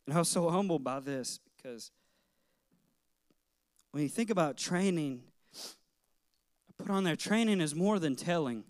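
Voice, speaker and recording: A man's voice: on the high side, lively intonation, a little slow, pauses often, dry recording, studio quality. A middle-aged man, a pastor, preaching a sermon in an earnest, personal way, telling childhood stories with light laughter.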